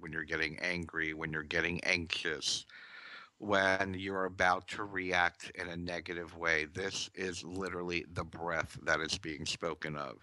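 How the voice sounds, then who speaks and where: A man teaching meditation in a calm, deliberate talk, pausing often and sometimes correcting himself. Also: low voice, no room sound.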